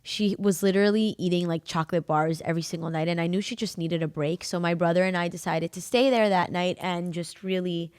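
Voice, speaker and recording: A woman's voice: lowish voice, fairly even intonation, brisk, few pauses, darkish tone, clear, resonant tone, dry recording. Young woman podcast host, candid and emotional storyteller, casual fillers, dry close sound. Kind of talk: personal storytelling.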